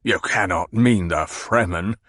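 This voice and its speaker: A man's voice: sits low, measured pace, a bit bright, dry recording, studio quality. A man voicing a fat, pompous and petulant old baron who blusters and demands answers. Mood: blustering.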